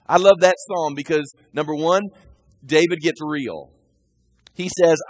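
A male pastor delivers a sermon, his fairly high voice dropping to near-murmurs and then surging into loud, fervent scripture reading. The sound is close and dry, with no room echo. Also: fairly even intonation, normal speed. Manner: swings between hushed asides and loud emphatic scripture reading.

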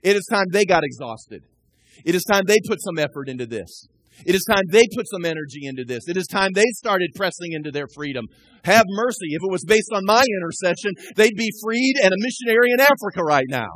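High-voiced impassioned male preacher. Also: expressive, fairly quick, dry recording, rough recording. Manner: impassioned preaching, rising to shouts then dropping low. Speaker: pastor. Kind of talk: sermon.

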